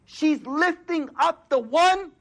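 A man's voice: very high-pitched, takes it slowly, vocal fry, fairly bright tone. A man preaching a sermon in a casual, slangy way, repeating key phrases for emphasis. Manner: casual, street-slang delivery with emphatic repetition.

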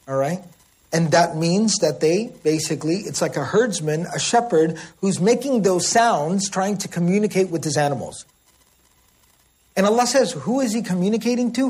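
Husky-voiced man teaching word meanings. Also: on the high side. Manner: explanatory, checks in with listeners often; acts out calls and shouts. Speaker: religious teacher. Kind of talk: religious language lesson.

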